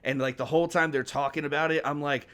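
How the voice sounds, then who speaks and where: A man's voice: fairly high pitch, fairly even intonation, quick pace, fairly bright tone. A young man co-hosting a podcast in casual chat, rambling and swearing, laughing often. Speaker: podcast co-host.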